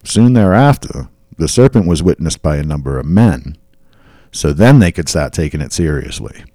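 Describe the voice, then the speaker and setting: Male podcast host, low-pitched, casual storyteller reading from notes, dry close mic. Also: very animated, moderate pace, mellow, no echo. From New England. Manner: reads accounts aloud with asides and fillers.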